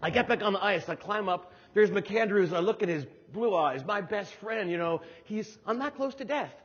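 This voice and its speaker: A middle-aged man from New Jersey giving a humorous storytelling keynote speech, acting out voices with animated delivery. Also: high-pitched, moderate pace. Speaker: keynote speaker. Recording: dull hall recording with long reverb.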